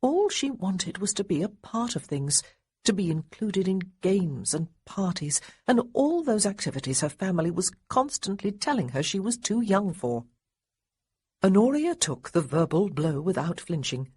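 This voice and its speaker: A woman narrating an audiobook with lively, expressive storytelling. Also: mid-range voice, moderate pace, slightly rough, dry recording. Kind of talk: scripted narration.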